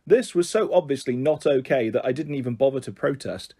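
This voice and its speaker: A man reading a children's novel aloud in a gentle first-person narration. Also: medium pitch, animated, fairly quick. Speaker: storyteller.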